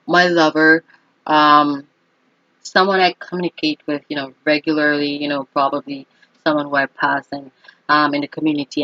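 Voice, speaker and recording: A woman with a somewhat low voice delivers an emphatic, opinionated monologue as an astrologer, pressing her points and often checking in with "okay?". The recording is dry and close, with a dull, lo-fi tone. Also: fairly bright tone, no echo. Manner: emphatic, keeps asking "okay?". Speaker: astrologer and vlogger.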